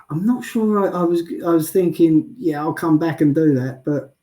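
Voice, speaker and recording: A man telling stories as an interview guest, chatty and deadpan, often adding "I'll be honest with you.". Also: a little high, a little slow. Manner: self-described sarcastic and deadpan, frequent "I'll be honest with you"; chatty storyteller with many restarts. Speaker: guest, wheelchair athlete. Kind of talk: casual interview chat.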